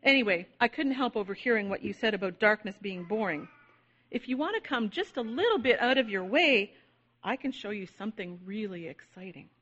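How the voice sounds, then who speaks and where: A woman voicing a friendly, polite male bat who speaks softly in a storybook. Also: medium pitch, animated, fairly quick, muffled recording.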